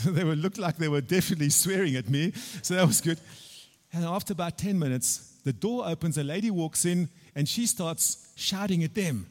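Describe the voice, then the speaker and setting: A man preaching a sermon with a slightly high voice, telling a story in a lively way. He repeats his phrases and pushes into loud emphasis. His voice rings with a long reverb through a large church hall. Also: normal speed.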